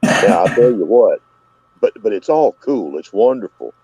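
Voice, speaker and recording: Deep-voiced southern man, rambling chat. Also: big pitch swings, moderate pace, mellow, slightly rough, dry recording. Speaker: host. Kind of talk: casual live-stream chat. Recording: dull lo-fi dry sound.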